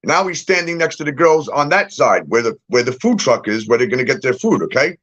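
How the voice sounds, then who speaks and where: A man's voice: mid-range voice, big pitch swings, brisk, fairly bright tone, lo-fi sound. A middle-aged man talking casually to his followers, emphatic and insistent, often checking in with the listener and getting up to act things out. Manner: emphatic, repeats "okay?" and "all right?" to the viewer; moves around, gets up to act things out. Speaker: social media commentator.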